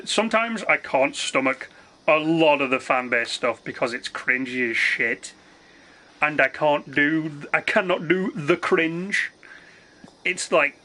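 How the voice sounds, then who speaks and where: A man's voice: on the high side, bright, forceful tone. A man ranting casually on a live game stream, swearing freely, rambling and restarting his sentences. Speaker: gaming streamer.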